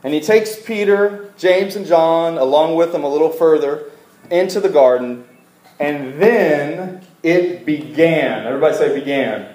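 A man's voice: fairly high pitch, a little slow, dark tone, echoey room, rough recording. A man preaching a casual, joking sermon to a congregation in a church, asking them to repeat words back to him. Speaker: pastor. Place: church service room.

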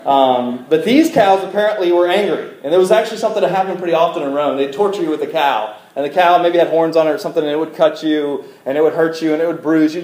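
A young man preaching in a conversational storytelling style to a live audience, animated and asking them questions, with joking asides. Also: a little high. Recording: echoey hall.

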